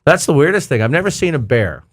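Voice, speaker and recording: A man co-hosting a golf radio talk show, telling stories in casual banter, laughing often and breaking into high exclamations. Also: very animated, quick pace.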